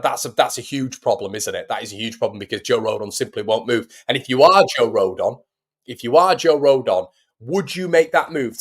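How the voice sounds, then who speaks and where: A young man chats into his home setup during a live stream. His voice sits in a middle, unremarkable register. He talks in a loose, friendly way and keeps answering viewers' comments. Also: medium pitch. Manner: chatty, reads out viewer messages and answers them. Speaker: host of a fan channel. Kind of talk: casual live-stream chat.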